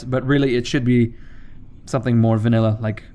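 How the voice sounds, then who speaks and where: A man's voice: medium pitch, steady tone, fast, a little mellow, soft background music. A man giving casual gameplay commentary, rambling off on jokey tangents with profane asides. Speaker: let's play commentator.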